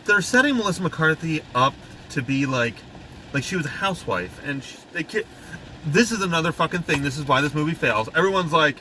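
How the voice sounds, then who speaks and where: A man co-hosting a podcast, chatting casually and exasperatedly about a bad movie and acting out its scenes in quick mocking voices. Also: a little high, lively intonation, pushed and bright, a little hiss or hum, poor audio. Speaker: podcast co-host. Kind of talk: casual movie review chat.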